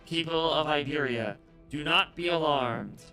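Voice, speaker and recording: A man voicing a charismatic female alien consul who speaks through a drone, in a measured, formal diplomatic manner. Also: on the high side, pushed and bright, soft background music, pitched above the performer's own voice, low-quality recording. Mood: formal, courteous.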